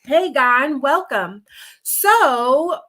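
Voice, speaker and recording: A woman's voice: high-pitched, lively intonation, drawn-out words, bright, forceful tone. A woman hosting a nightly devotional livestream, greeting viewers by name in a casual, folksy way and a little out of breath. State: a bit out of breath.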